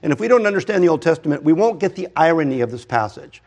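A pastor in his fifties preaching a conversational sermon, animated and full of restarts and asides. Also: fairly high pitch, quick pace.

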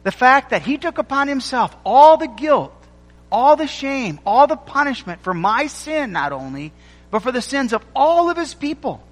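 A man preaching a sermon, emphatic and rhythmic, repeating phrases and pausing for effect. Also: very high voice, big pitch swings, long reverb tail, rough recording. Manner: emphatic, rhythmic repetition with dramatic pauses.

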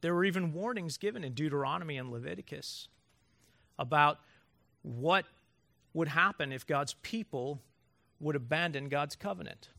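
A man's voice: on the high side, normal speed, creaky, long pauses, bright, forceful tone. A man preaching a sermon as pastor to his congregation, emphatic and building through rhetorical questions.

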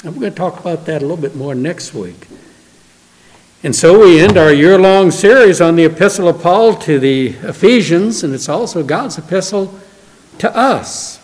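A man preaching a sermon as pastor, earnest, swinging between emphatic lines and hushed ones. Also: sits high, animated, normal speed. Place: church sanctuary. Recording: long reverb of a church hall.

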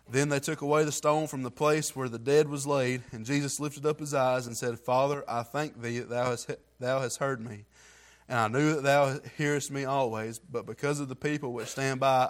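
A man reading scripture aloud and giving an earnest, heartfelt testimony in plain everyday grammar. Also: mid-range voice. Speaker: church member giving testimony.

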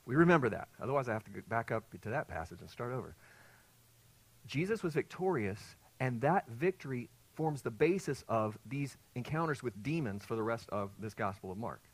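A male pastor works through a passage for his congregation in a mid-range voice. He teaches earnestly, pauses to quiz his listeners, and swells in volume on the points he wants to stick. The recording is close and dry. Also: mid-range voice, lively intonation, dry recording, rough recording. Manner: earnest teaching, quizzing listeners, surging louder on key points. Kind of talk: expository sermon to a congregation.

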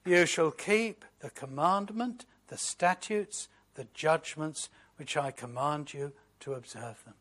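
A man preaching a sermon, slow and emphatic, moving from loud declarations to hushed, reflective asides. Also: a little high. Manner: quotes hymn lines in a reflective voice.

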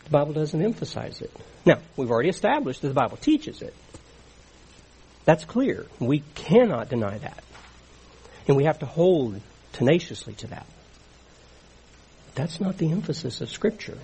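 Husky-voiced man preaching earnestly. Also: fairly high pitch, big pitch swings, moderate pace, pauses often, warm tone, poor audio. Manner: earnest, conversational teaching with restarts. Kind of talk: sermon.

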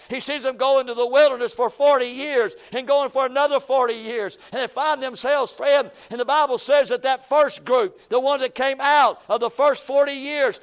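A man preaching a sermon in church, acting out the despairing talk of ordinary people. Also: very high voice.

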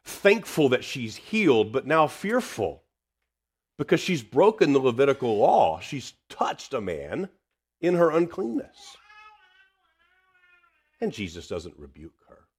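A man preaching a sermon, swinging between loud emphasis and hushed tenderness. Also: mid-range voice, big pitch swings, unhurried, pauses often, husky.

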